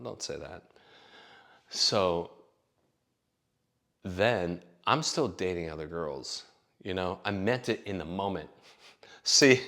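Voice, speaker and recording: A man's voice: low-pitched, a bit bright. A man telling candid stories about his own dating life, blunt and profane, rambling with many restarts. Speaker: vlogger. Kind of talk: candid personal storytelling.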